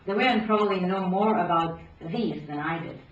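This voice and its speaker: A woman professor reading aloud from her book at a lecture, measured, dropping low at phrase ends. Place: lecture hall. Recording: roomy hall, distant dull mic.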